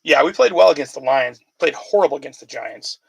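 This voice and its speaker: Casual male card-break host, gravelly and a bit husky, rattling off player names between chatty asides. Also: on the high side, lively intonation, brisk, rough recording. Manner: chatty, calls out player names while reading questions from viewers.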